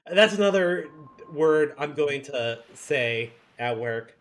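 A man's voice: fairly high pitch, expressive, takes it slowly, soft background music. A man streaming a game, making giggly, playful asides. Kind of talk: casual game commentary.

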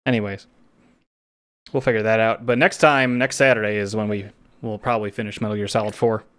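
A man's voice: lowish voice, fairly quick, no room sound, clean studio sound. A man hosting a game stream, chatting casually and rambling with fillers as he wraps up the session. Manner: relaxed, rambling, with frequent fillers and laughs. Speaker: streamer host. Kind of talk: casual stream sign-off chat.

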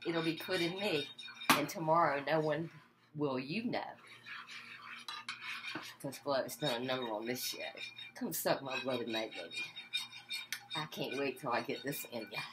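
A woman's voice: extremely low pitch, normal speed, pauses often, very noisy. An older woman ranting profanely and defiantly as she cooks in her home kitchen for her video, with no one behind the camera. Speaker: cooking vlogger. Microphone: camera without an operator.

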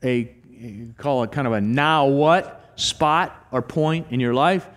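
Speaking slowly in a mid-range voice, a middle-aged pastor delivers a sermon in a church sanctuary with long hall reverb. He tells stories in an animated way, acting out the quotes.

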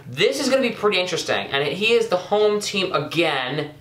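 A young man casually commenting on his own gameplay, chatty and excitable, scolding himself with frequent ums and uhs. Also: high-pitched, a little fast, roomy sound. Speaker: gaming YouTuber.

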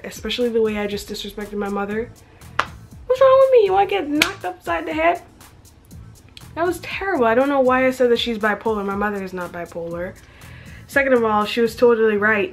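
A young woman reading her teenage diary aloud, breaking off for chatty, self-mocking asides and frequent giggles. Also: medium pitch. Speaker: vlogger.

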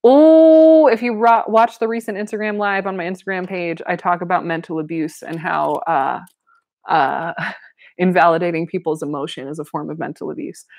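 A woman's voice: lowish voice, moderate pace, a little mellow, no echo, muffled recording. A woman reading a novel aloud with casual commentary, breaking in with wry asides and frequent laughs. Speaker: reader and commentator.

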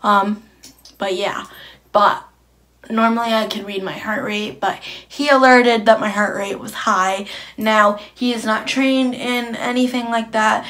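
A woman's voice: mid-range voice, a bit bright. Young female vlogger, casual and rambling, blunt chatty delivery to a camera mic. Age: young adult.

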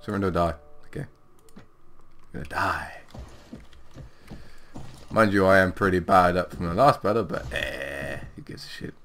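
A man playing a video game, commenting casually, swearing and laughing often, swinging between loud outbursts and quiet mutters. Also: deep voice, normal speed, long pauses. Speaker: gaming host.

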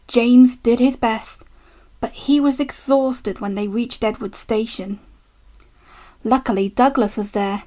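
Brief: female storybook narrator, slightly high voice, slow and gentle delivery. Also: fairly even intonation. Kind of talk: storybook reading.

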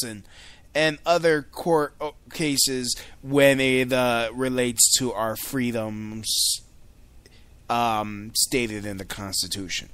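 A man's voice: medium pitch, slow, a bit bright, no echo. An American man hosting his own show, talking in a casual, rambling rant full of fillers, restarts and swearing. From United States. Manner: rambling, filler-heavy, profane. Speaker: podcast host.

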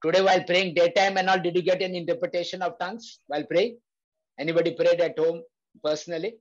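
Earnest preacher, lo-fi sound. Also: male voice, high voice, fairly even intonation, fast. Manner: earnest, repeats key phrases, frequent fillers. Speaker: Bible study leader. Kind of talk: preaching to a prayer group.

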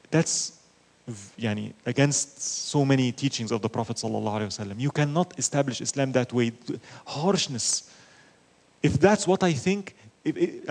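A man teaching an Islamic lecture, telling stories with rhetorical questions and Arabic phrases mixed in. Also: fairly high pitch. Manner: animated storytelling with rhetorical questions. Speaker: religious teacher.

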